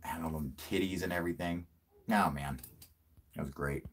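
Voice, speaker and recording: A male channel host in casual livestream chat, a profane, excitable storyteller who laughs a lot. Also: a bass voice, normal speed.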